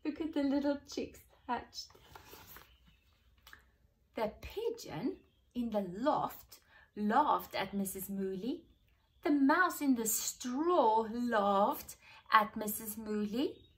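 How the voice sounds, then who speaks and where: Preschool teacher, woman, bright voice, expressive read-aloud with questions to children. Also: fairly high pitch. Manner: expressive, pauses to ask the listeners questions. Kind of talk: reading a picture book aloud to children.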